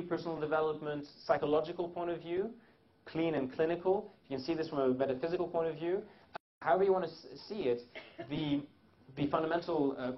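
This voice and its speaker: Guy giving a seminar talk, lots of uh and restarts, kinda muffled lo-fi sound. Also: fairly high pitch. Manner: rambling, many restarts and fillers. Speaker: seminar presenter.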